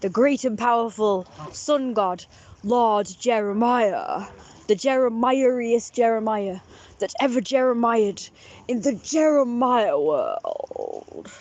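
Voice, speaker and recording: A woman voicing a pompous, self-adoring male sun god in a posh English accent, with slow, grand, drawn-out proclamations. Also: fairly high pitch, sing-song, darkish tone, muffled recording, heavily acted. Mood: grandiose. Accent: posh English put on.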